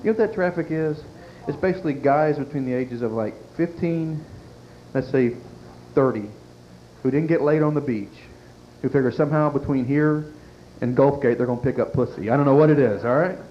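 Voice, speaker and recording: A male comedian performs crude, self-mocking stand-up, talking with the club crowd in a medium-pitched, fairly quick voice. The dull, lo-fi 1990s club tape carries audience laughter and faint room noise.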